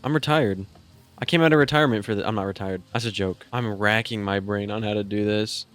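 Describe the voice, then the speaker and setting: A young man giving casual gameplay commentary, thinking aloud in an excitable, self-mocking way. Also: on the low side, fairly quick. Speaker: gaming YouTuber.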